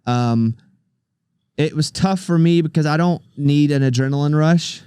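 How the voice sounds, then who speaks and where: A man talking as a podcast guest in a casual interview, telling animated stories and acting out the people he quotes. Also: on the high side, measured pace, clear, resonant tone, no room sound, studio quality. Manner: animated storyteller who acts out the people he quotes. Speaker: podcast guest, radio host and comedian.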